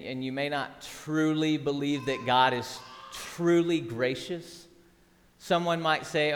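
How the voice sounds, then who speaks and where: A middle-aged man preaching a sermon as pastor, earnest and emphatic, with repeated words and rhetorical questions. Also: mid-range voice. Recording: long hall reverb.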